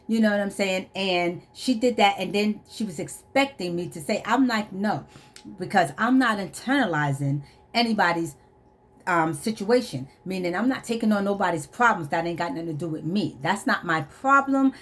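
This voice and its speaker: A woman telling a personal testimony in a vlog, animated, acting out quoted dialogue and repeating phrases for emphasis. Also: mid-range voice, moderate pace. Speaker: vlogger.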